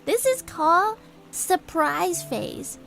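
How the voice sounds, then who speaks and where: Bubbly high-voiced woman streamer, soft music. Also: big pitch swings, slow, creaky. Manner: giggly, bubbly, reacting aloud to chat. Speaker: VTuber streamer. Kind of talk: casual live-stream chat with viewers.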